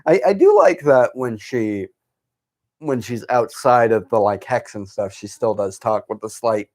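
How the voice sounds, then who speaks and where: A man's voice: mid-range voice, measured pace, darkish tone. Rambling young man, casual podcast. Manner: rambling, laughs often, swears, many fillers. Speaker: podcast host. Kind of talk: casual chat.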